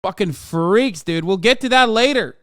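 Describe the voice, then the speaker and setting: High, smooth-voiced streamer talking casually. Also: male voice, animated, normal speed, fairly bright tone, dry recording, clean studio sound. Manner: profane, rambling, sarcastic. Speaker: streamer host. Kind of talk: casual live-stream commentary reacting to news.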